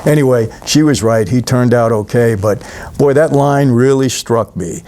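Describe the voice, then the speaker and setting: A man's voice: medium pitch, normal speed, a little mellow. Middle-aged man retelling a film scene. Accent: New York. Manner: conversational storyteller, addresses viewers directly, retells scenes. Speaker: channel host reviewing a film. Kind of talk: casual talk-to-camera film recap.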